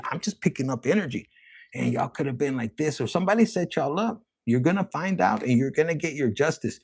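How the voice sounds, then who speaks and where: A man giving a casual tarot reading, rambling, profane and excitable. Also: medium pitch, a little fast, creaky, breathy edge. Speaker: tarot reader.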